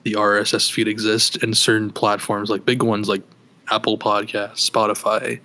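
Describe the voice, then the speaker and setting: A man's voice: fairly low pitch, completely flat delivery, normal speed, bright, forceful tone. A man co-hosting a casual film podcast, joking and trailing off mid-thought. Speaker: podcast co-host. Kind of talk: casual chat. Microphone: podcast microphone.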